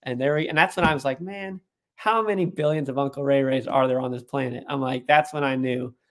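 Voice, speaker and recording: A man as an interview guest, telling an animated story and putting on voices for the people he quotes. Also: mid-range voice, fairly quick. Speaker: guest, tech executive.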